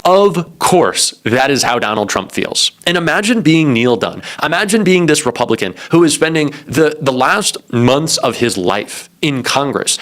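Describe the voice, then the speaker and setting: A man's voice: fairly high pitch, very animated, moderate pace, hardly any pauses, a bit bright. A man giving sarcastic, mocking and profane political commentary.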